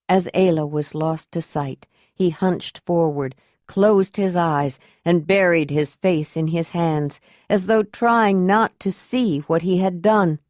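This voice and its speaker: A woman reading an audiobook in an even, measured narration voice. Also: on the low side, no echo, studio quality. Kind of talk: scripted narration.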